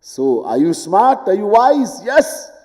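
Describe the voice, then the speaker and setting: A man giving a devotional lecture as a spiritual teacher in a temple hall. He speaks deliberately, swinging from high, emphatic lines to quiet ones and chanting Sanskrit verses. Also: very animated. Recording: long hall reverb.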